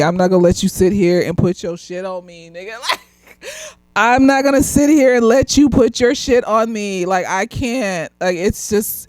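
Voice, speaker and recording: A slightly tipsy woman, a therapist, reviewing a TV episode in blunt, profane casual talk, laughing often and swinging from loud outbursts to quiet muttering. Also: lowish voice, poor audio. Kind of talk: casual commentary vlog.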